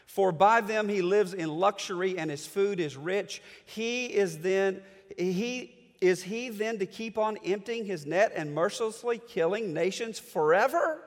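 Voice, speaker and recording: High-voiced preacher in an echoing hall. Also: male voice, measured pace. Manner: dramatic, swings between booming and hushed. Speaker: pastor. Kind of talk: sermon. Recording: long hall reverb.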